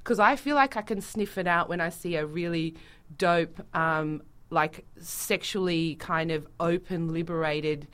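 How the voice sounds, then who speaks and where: Woman, theatre-maker guest, lively, throws in acted-out quotes, slightly low voice. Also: unhurried. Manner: animated, acts out quoted voices. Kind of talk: casual interview chat. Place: radio studio.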